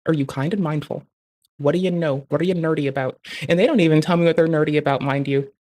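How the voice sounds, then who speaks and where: A streamer letting off steam on a live stream, talking in a loose, rambling way packed with swearing. The voice sits at an ordinary middle pitch, and the talk jumps from one gripe to the next. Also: fairly even intonation, quick pace, darkish tone. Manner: profane, rambling, heavy swearing; frequent filler "like" and "bruh". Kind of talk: casual venting rant.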